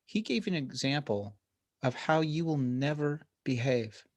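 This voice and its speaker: A man's voice: medium pitch, lively intonation, a little slow. Man hosting a podcast, emphatic. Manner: chimes in with short agreements, then lays out a lesson with emphatic buildup. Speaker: podcast host. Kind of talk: casual podcast chat.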